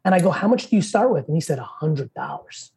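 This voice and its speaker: Profane, mellow-voiced man telling hustle stories. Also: lively intonation, husky. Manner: fast, profane, high-energy hustle talk. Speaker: podcast guest. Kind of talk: casual interview storytelling.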